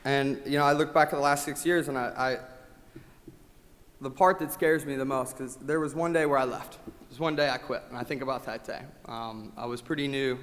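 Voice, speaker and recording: A man delivers a motivational award speech at a company rally, with an impassioned delivery that swings between loud rallying cries and hushed gratitude. His voice sits at an ordinary middle pitch. A long reverb from the large hall trails every phrase. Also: steady tone, brisk, some chatter behind, a little hiss or hum.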